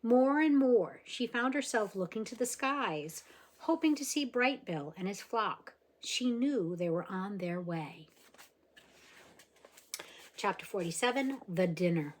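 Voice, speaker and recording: A woman reading a children's novel aloud, expressive and gentle, with small slips here and there. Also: mid-range voice, unhurried. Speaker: reader.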